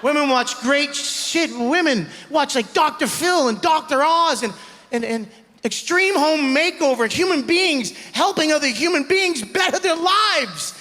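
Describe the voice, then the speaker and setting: A young man performing a stand-up set on stage, animated, shouting punchlines and acting out voices. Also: very high voice, a little slow. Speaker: stand-up comedian. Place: comedy club stage before a live audience. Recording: live stage audio with long hall reverb.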